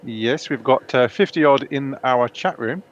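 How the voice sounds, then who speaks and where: A man's voice: mid-range voice, a little slow. Man, Yorkshire accent, playful co-host, lo-fi audio. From Yorkshire, England. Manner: playful, bantering. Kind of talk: casual live-stream chat.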